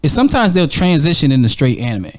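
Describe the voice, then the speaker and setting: Man, fairly high voice, very lively swings in pitch, dry close sound; casual podcast storyteller who swears a lot. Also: fast, no echo. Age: adult with a young daughter. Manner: animated storytelling, heavy profanity, laughs often. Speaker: podcast co-host. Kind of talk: casual chat.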